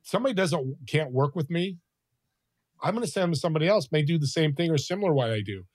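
A man's voice: fairly high pitch, fast, no room sound, clean studio sound. A man speaking as a podcast guest, telling faith-based stories and acting out the people in them. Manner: animated, acts out quoted people in his stories; faith-based, talks of the Holy Spirit. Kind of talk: conversational interview storytelling.

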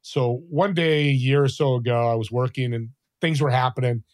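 Man guest, animated storyteller, faith-driven, mid-range voice, dry mic. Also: medium pitch, moderate pace, no echo. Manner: animated, acts out quoted people in his stories; faith-based, talks of the Holy Spirit. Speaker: podcast guest. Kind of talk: conversational interview storytelling.

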